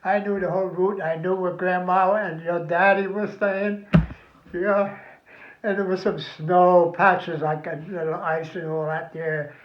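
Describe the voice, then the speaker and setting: High-voiced older New man, profane. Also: flat delivery, measured pace. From New Jersey. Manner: rambling, profane, folksy. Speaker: veteran telling family stories. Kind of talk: casual reminiscing. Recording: roomy, dull lo-fi recording.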